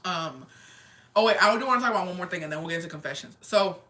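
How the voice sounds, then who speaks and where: A woman's voice: lowish voice, animated, quick pace, pushed and bright. A young woman hosting a casual chat where she answers viewer comments. She talks candidly, repeats phrases for emphasis, swears freely and slips Spanish phrases into her English. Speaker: livestream host.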